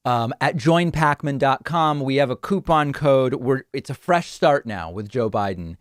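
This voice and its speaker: A man's voice: mid-range voice, no echo. Dry-voiced male political show host. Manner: wry, amused commentary. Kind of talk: solo political commentary.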